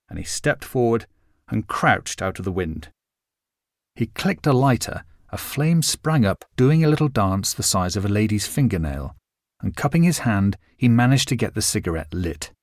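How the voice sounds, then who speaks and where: A man narrating a first-person short story in a vivid, expressive reading. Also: mid-range voice, no room sound, clean studio sound.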